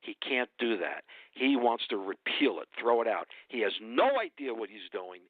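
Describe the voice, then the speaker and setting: A man's voice: medium pitch, big pitch swings, normal speed, no echo. Angry guy ranting on a radio call-in, dry phone sound, repeats himself for punch. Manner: indignant, emphatic, repeats phrases for effect. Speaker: radio guest commentator. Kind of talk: heated political rant. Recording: dry tinny phone line.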